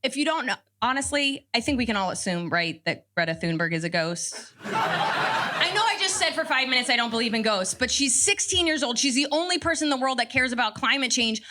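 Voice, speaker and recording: A woman's voice: a little high, expressive, fairly quick, sharp tone. A woman doing stand-up comedy, chatty and laughing through her lines. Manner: chatty, laughing as she talks.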